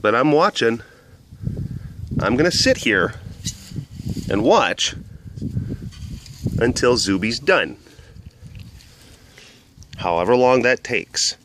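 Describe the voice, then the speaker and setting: A man who keeps big cats, gently scolding and coaxing his animals on camera. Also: medium pitch, lively intonation, slow, long pauses, slight background noise. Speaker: big cat keeper.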